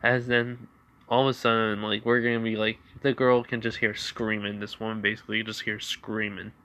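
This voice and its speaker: A man's voice: lowish voice, level tone, moderate pace, sharp tone. A young man casually improvising a fan fiction story, rambling with lots of fillers. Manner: rambling, many fillers like 'like'.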